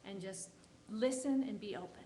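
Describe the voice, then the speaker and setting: A woman guest speaker at a church service, giving an inspirational sermon and gently guiding a meditation in a soothing, encouraging way. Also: mid-range voice, normal speed, a little hiss or hum.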